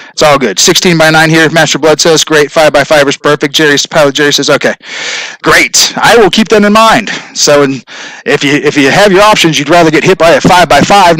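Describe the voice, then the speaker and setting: A man's voice: on the high side, a little fast, a bit bright, no echo, poor audio. A man hosting a casual livestream from his home studio, rambling with many fillers and chuckling at his own corny jokes. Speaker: livestream host.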